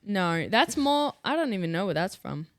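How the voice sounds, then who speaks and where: Brief: woman faking a British accent, playful, lively pitch swings. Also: moderate pace. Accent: put-on British. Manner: playful, exaggerated fake accent. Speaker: podcast co-host. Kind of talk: casual chat.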